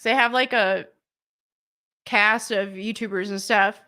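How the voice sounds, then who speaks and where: A woman's voice: medium pitch, fairly even intonation, takes it slowly, bright, forceful tone. A woman hosting a live stream, chatting casually and laughing often.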